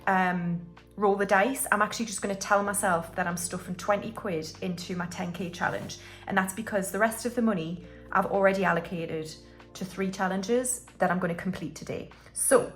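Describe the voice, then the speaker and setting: A woman records a casual budgeting vlog. She counts banknotes aloud in a chatty way and keeps talking straight to her viewers. Quiet music plays faintly behind her. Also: medium pitch. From United Kingdom. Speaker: budgeting vlogger. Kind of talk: casual chat while counting cash.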